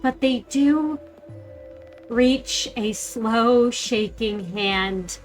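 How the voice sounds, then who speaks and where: Acting as game master for a tabletop role-playing game, a woman narrates and describes scenes in a measured way. Her voice is on the high side, and soft music plays in the background.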